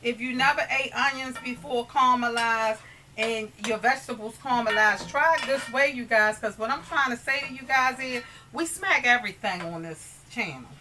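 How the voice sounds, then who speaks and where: In her home kitchen, a woman with a fairly high, bright and forceful voice walks viewers through a casual recipe at normal speed, chatting homily and calling them "you guys." Pots, pans and dishes clink in the background, and the rough recording has a little hiss or hum.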